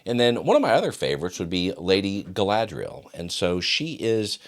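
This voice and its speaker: A man hosting a solo podcast, talking casually and enthusiastically, rambling with fillers and restarts. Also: extremely low pitch. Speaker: podcast host.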